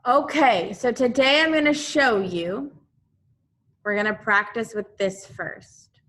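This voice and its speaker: A woman teaching a second grade class remotely, slowly repeating drills for the children. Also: fairly high pitch, a bit bright.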